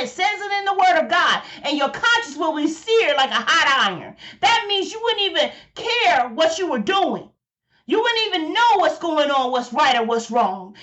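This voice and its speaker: A woman's voice: sits high, fairly bright tone. A woman delivering an impassioned, emphatic sermon, exhorting her listeners and repeating herself for emphasis. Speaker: preacher.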